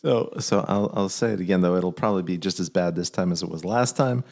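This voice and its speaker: A man hosting a dad-advice podcast, chatting casually in a halting, self-deprecating way and telling dad jokes. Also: sits low, vocal fry, darkish tone. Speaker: podcast host giving fatherly advice. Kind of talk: casual chat.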